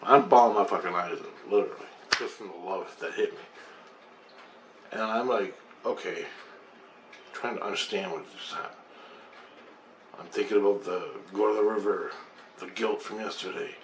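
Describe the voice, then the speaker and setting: A man's voice: lowish voice, fairly even intonation, moderate pace, long pauses, fairly bright tone. A middle-aged man telling a long personal story in a rambling, profane, intense way. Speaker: vlogger telling his own experience. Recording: echoey room with faint background noise.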